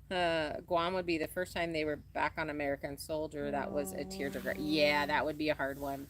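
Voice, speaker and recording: A woman's voice: low-pitched, little pitch movement, brisk, hardly any pauses, fairly bright tone, a little hiss or hum. A woman co-hosting a casual livestream, chatting animatedly, laughing easily and reading viewer comments aloud. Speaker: co-host of a farm livestream.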